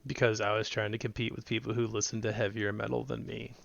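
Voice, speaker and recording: Gravelly-voiced man telling stories casually. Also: fairly low pitch, fast, no echo. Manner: animated storyteller, acts out quoted voices. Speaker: podcast co-host. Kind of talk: casual chat. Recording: dull, lo-fi podcast mic.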